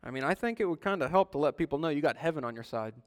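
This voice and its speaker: A man's voice: a little high, lively intonation, racing. A man in his thirties preaching a sermon, talking casually and telling stories that act out the people he quotes. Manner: conversational storytelling, acts out quoted voices. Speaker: pastor. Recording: long hall reverb.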